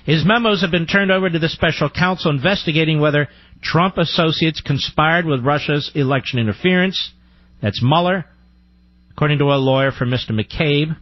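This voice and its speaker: A man's voice: fairly high pitch, no room sound, dull audio. A male radio talk show host giving combative, sarcastic commentary, firing off rhetorical questions. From United States.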